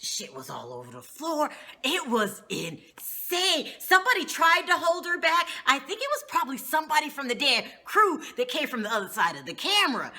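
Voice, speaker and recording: A woman's voice: fairly high pitch, sharp tone. A woman giving a casual, gossipy recap of a reality show, swearing freely as she goes.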